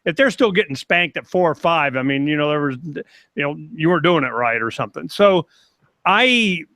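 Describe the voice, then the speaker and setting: An older man and grandfather talking casually as a panel guest on a video call, rambling and animated as he tells stories. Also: on the high side, normal speed, no room sound.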